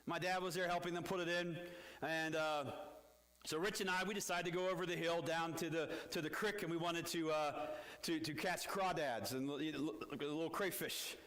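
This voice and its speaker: Bright-voiced middle-aged male pastor. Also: moderate pace. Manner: animated, swings from loud outbursts to low asides. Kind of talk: storytelling sermon. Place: church. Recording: echoey church hall.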